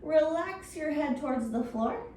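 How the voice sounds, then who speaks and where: Playful high-voiced woman leading kids' yoga. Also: lively intonation, unhurried, darkish tone. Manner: encouraging, playful, makes silly animal sounds. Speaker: kids yoga instructor. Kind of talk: guided children's yoga story time. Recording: roomy, from a distance, faint noise.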